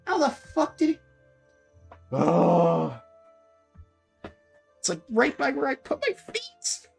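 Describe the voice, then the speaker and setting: A young woman streamer giving casual gameplay commentary at her home desk, swearing a lot and turning panicky and excitable. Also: sits high, takes it slowly, creaky, soft background music. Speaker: gaming streamer.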